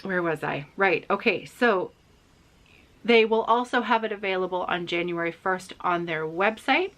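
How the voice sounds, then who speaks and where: A woman's voice: on the low side, normal speed, a bit bright. A middle-aged woman chatting casually to camera as a cross-stitch vlogger, self-deprecating, with frequent restarts and fillers.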